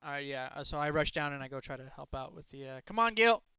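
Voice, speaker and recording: A man playing in a tabletop game, eager and quick to act. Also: medium pitch, level tone, creaky, pushed and bright, dull audio. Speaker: player. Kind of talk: casual tabletop game play.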